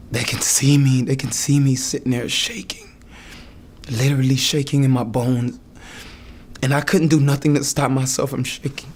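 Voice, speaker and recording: A young man earnestly recounting a hard experience in his own words, halting and restarting as he goes. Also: medium pitch, slight background noise. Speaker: client giving a testimonial. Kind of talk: emotional personal testimonial.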